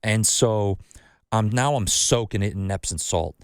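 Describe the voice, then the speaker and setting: A man's voice: lowish voice, measured pace, clean tone, no echo, clean studio sound. A man hosting a casual podcast, telling a rambling story full of profanity and acted-out quotes of himself. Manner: swearing storyteller, acts out his own quotes. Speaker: podcast host.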